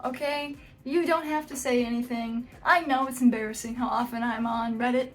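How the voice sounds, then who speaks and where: High-voiced woman joking on a vlog. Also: normal speed, soft background music. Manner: jokey, self-deprecating, animated. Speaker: video host. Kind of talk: casual reaction vlog.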